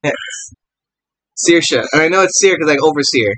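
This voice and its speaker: Bright-voiced man joking incredulously. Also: fairly high pitch, expressive, moderate pace. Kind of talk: casual chat.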